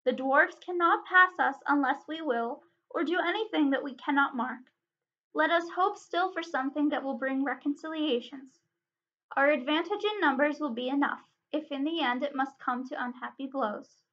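A woman voicing a stately, cautious elven king in a storybook reading, speaking in a measured way. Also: high voice, a bit bright. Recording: dull lo-fi recording.

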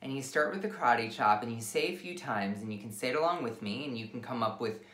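A woman's voice: extremely low pitch, expressive, fast talker, fairly bright tone. A woman casually demonstrating a tapping technique, candid and self-deprecating, swearing freely as she talks herself through the script. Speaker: wellness instructor. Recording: echoey room.

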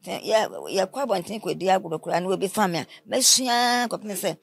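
A woman in her nineties from Ghana, telling her life story in an interview and giving advice with lively quoted speech. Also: lowish voice, fast, vocal fry, slightly rough. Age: 90s. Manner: animated, advising, acts out quoted speech.

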